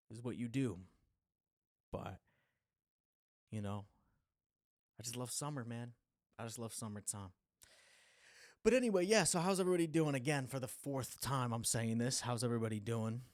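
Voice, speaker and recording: A man's voice: medium pitch, darkish tone, no echo, clean studio sound. A man hosting a podcast solo, rambling through a story in casual slang. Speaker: podcast host.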